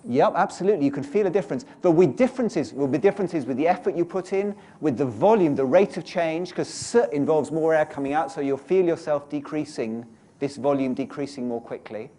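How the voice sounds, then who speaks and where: A man's voice: fairly high pitch, lively intonation, a little fast, dark tone. A British man giving a workshop lecture to teachers, explaining and leading the audience through exercises. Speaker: teacher trainer.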